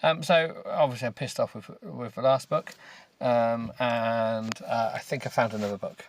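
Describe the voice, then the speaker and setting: A British man hosting a comedy podcast, grumbling and rambling as he reads a book aloud with deadpan, self-mocking remarks. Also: mid-range voice, normal speed. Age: adult with children. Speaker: podcast host.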